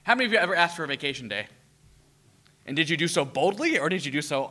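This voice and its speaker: Animated preacher with a bright voice. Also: male voice, on the high side, fast. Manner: animated, acts out quoted voices, asks the audience questions. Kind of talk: sermon.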